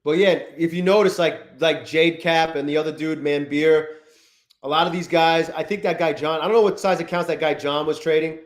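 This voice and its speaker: Male streamer, forties, slightly high voice, casual and profane, chats with viewers. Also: fairly even intonation, moderate pace. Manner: profane, restless, talks to chat. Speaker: trading livestream host. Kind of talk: casual live-stream chat.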